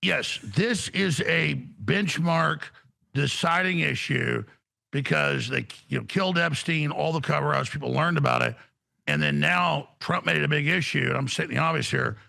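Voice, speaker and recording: Man, guest, remote video call, forceful, fairly high voice, rambling, emphatic. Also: moderate pace, vocal fry. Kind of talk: political talk show conversation. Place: remote studio.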